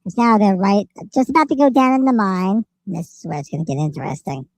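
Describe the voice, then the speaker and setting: A man hosting a livestream, talking in a casual, joking way through a helium pitch-up voice effect. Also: fast, dry recording. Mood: goofy. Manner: joking, chatty. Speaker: livestream host. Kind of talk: casual chat.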